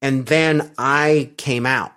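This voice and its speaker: A man's voice: medium pitch, fairly even intonation, slow, pushed and bright, smooth. A middle-aged American man being interviewed, telling personal stories in a rambling way with many fillers and restarts. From United States. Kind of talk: casual storytelling interview.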